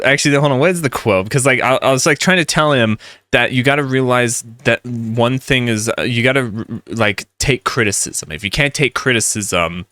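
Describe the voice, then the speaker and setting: A man's voice: mid-range voice, moderate pace, sharp tone, clear, resonant tone, no room sound. A man ranting in rambling gaming commentary, heated and full of restarts.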